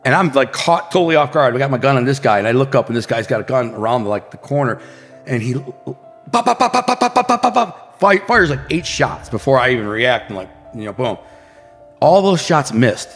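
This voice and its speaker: An American man from the Detroit area, a podcast guest telling crime stories in a casual, animated way and acting out gunshots and quotes. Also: mid-range voice, a little fast, in a large hall, soft background music. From Detroit area, USA.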